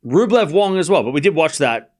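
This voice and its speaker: A man's voice: fairly high pitch, animated, brisk, a little mellow. A man hosting a live tennis watchalong, chatting casually with viewers and calling out scores in a jokey, rambling way. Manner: chatty, jokey, calls scores while reading chat. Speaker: watchalong host.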